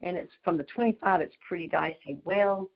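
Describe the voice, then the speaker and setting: A middle-aged woman, chatting fast and laughing through a story on a group call. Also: on the low side. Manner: fast-talking, chatty, laughs mid-sentence. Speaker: community call participant. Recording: dull lo-fi call audio.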